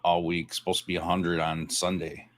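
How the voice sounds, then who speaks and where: A man's voice: deep voice, monotone, normal speed, a bit bright, dry recording. A man hosting a casual chat, cracking dry, teasing jokes. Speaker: host.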